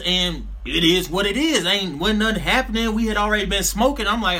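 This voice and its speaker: A man telling a story in casual slangy chat, animated and laughing through the punchlines. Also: sits high, a little fast, few pauses.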